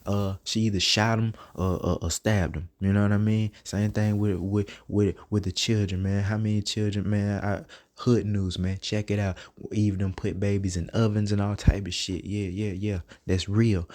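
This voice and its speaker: A man's voice: fairly low pitch, level tone, moderate pace, darkish tone. A man giving casual scripture commentary, reading verses aloud and then riffing on them in profane, streetwise talk. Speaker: self-taught Bible teacher.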